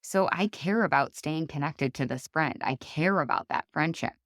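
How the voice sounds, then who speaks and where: A woman in her thirties hosting a solo coaching podcast, chatty and animated, acting out the voices in her stories. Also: low-pitched, moderate pace, no echo, clean studio sound. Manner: chatty, animated, acts out quoted dialogue. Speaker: podcast host and life coach.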